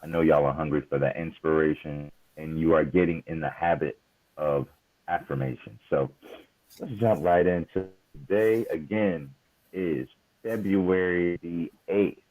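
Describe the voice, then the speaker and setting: A man's voice: rumbling low, a little slow, darkish tone, no room sound, poor audio. A man co-hosting a casual podcast, upbeat and speaking straight to his listeners. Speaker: podcast co-host.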